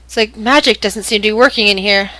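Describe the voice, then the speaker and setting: A woman's voice: mid-range voice, fast, sharp tone, dry recording. A woman running a tabletop game who narrates with many restarts and stumbles. Her voice sits in the middle range and is recorded close and dry, with no room sound. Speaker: game master.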